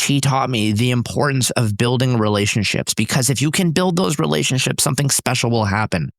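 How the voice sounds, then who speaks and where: A man's voice: mid-range voice, fairly bright tone, no echo, clean studio sound. A man, a company founder, telling personal stories in an interview in an intense, emphatic, driven way. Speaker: startup founder and CEO, podcast guest.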